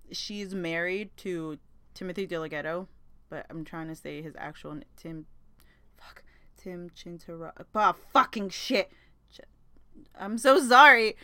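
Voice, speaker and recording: A woman's voice: fairly low pitch, no room sound. A young woman hosting a podcast, chatting in a rambling, casual way, swearing freely and laughing often. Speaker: podcast host. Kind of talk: casual chat.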